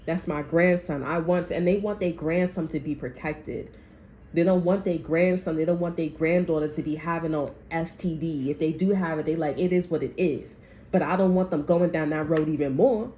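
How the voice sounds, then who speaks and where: A woman with a deep, dark voice gives a casual tarot reading at normal speed, her intonation fairly even. She's blunt and rambling, swearing heavily and repeating herself often. There's slight background noise.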